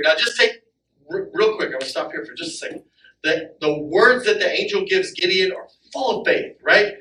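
A man in his thirties preaches in a church, his voice high and bright against the other men. He sounds a little distant in an echoey sanctuary. He gets animated and acts out each quote. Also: normal speed. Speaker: pastor. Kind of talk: sermon.

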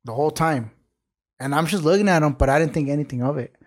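Man, late twenties, podcast host, casual storytelling, heavy swearing and slang, slightly high voice. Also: quick pace. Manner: profane, animated street slang storytelling.

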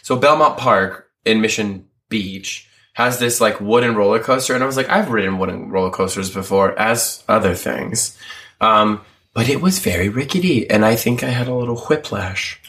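A man's voice: mid-range voice, normal speed, fairly bright tone. A man co-hosting a casual chat podcast, telling stories and acting out quotes. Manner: chatty storyteller, acts out quotes. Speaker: podcast co-host.

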